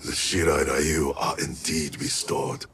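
A solemn ninja warrior speaks slowly and formally in a very low voice. His tone is bright and hard-edged. Faint game music plays behind him. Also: level tone, slight background noise, exaggerated voice. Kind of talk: video game cutscene voice acting.

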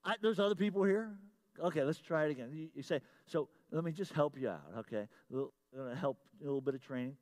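A middle-aged man preaching a sermon as pastor, moving between loud emphatic lines and quiet confiding asides, repeating his key phrases. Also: medium pitch, fairly even intonation, fast talker, few pauses.

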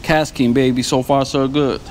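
A man vlogging while fishing outdoors on a lapel mic, talking casually and excitably, with "man" and "bro" in every sentence. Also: medium pitch, moderate pace, a little hiss or hum. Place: outdoors by the water.

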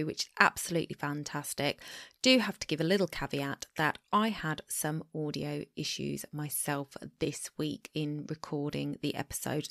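A woman's voice: low voice, no room sound, clean studio sound. A woman in her thirties from the UK with an East Midlands English accent, hosting a podcast in an enthusiastic, chatty way. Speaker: podcast host. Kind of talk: casual podcast chat.

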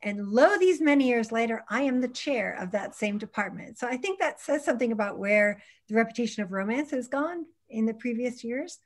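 A woman's voice: a little high, expressive, a little fast, hardly any pauses. Chatty middle-aged woman on a panel. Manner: chatty, thinks aloud with restarts. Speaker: panelist romance author and English professor. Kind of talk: casual panel chat on a video call.

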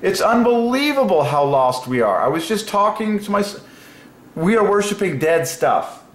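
A man hosting a casual solo video, musing aloud and breaking into excited exclamations. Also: sits high, normal speed. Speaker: religious video host. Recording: echoey room with faint noise.

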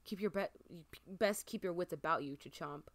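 A woman's voice: fairly low pitch, moderate pace, dry recording, lightly acted. A woman reading the lines of a sly, grumpy male wolf villager from a cozy game, dry and menacing, in her own voice.

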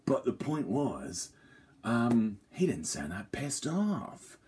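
A man's voice: mid-range voice, big pitch swings, unhurried, darkish tone, slight background noise. A man giving a rambling, self-deprecating, jokey theatre review to camera, full of fillers.

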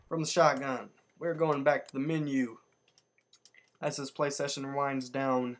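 A man giving casual, excitable commentary while playing a video game, jumping up in pitch whenever he survives. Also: moderate pace. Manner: excitable, yelps upward when surviving. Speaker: let's play gamer.

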